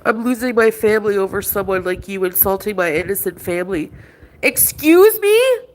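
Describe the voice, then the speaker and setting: A woman's voice: mid-range voice, fairly even intonation, fast talker. A woman livestreaming in distress, pleading and accusing, tearful at times. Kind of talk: emotional livestream argument. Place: indoors, abroad.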